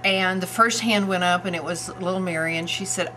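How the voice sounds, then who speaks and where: Lower-voiced woman telling a joke. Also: fairly even intonation, fairly quick, bright, forceful tone, slight background noise, low-quality recording.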